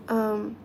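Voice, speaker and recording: A woman hosting a casual live stream, chatting and giggling while she does her nails and thinks out loud. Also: a little hiss or hum. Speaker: livestream host reading chat.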